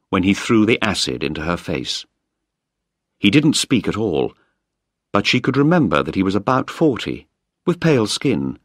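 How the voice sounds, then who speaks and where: A man reads a story aloud in a deep voice that rises and falls expressively. He is close to the mic in a dry, dead-quiet space, clear and measured for learners. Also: no room sound. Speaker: narrator. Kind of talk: graded reader audiobook.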